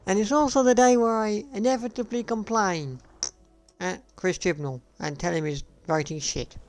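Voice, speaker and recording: Gravelly man ranting sarcastically. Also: high voice, steady tone, moderate pace, a little mellow, soft background music. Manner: sarcastic, profane, repetitive ranting. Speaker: gaming streamer. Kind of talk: casual live-stream rant.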